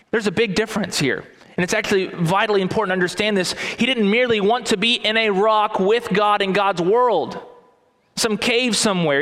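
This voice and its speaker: A young adult man preaching a sermon as pastor, earnest and expository, slowing down to stress key points. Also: sits high, bright, forceful tone, long reverb tail. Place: church sanctuary.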